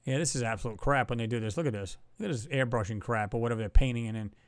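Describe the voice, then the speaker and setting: A man hosting a casual livestream, talking excitably about photos and reading out viewers' comments. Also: medium pitch, very fast, no echo. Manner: excitable, talks to chat viewers, reads their comments aloud. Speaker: livestream host.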